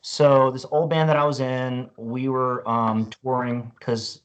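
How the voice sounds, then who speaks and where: A man's voice: mid-range voice, level tone, unhurried. A man in his forties, a guest musician, telling a story in a casual, profane way full of "like" and "you know.".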